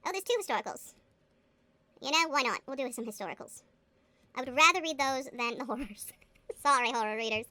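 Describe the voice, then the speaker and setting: A high, bright, forceful female voice with lively intonation and a brisk pace, recorded with no room sound. She's a gaming booktuber giving casual commentary, chatting and giggling to herself as she plays and sometimes adopting a playful fake accent.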